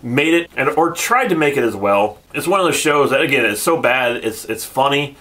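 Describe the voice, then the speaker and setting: A channel host reviews a TV episode in a casual video, his medium-pitched, slightly bright voice animated at a moderate pace as he sarcastically retells scenes and laughs often.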